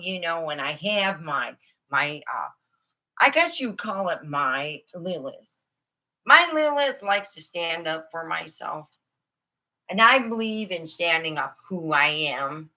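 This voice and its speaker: Chatty woman with a bright voice. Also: fairly low pitch. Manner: chatty, meandering, many fillers. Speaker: comedian. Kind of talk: rambling stand-up storytelling.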